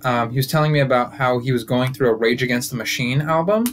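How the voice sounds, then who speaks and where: A man's voice: mid-range voice, fast talker. A young man in his twenties, a comedian and podcast host, talking through a casual, joking monologue that wanders and interrupts itself. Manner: rambling, joking, self-interrupting.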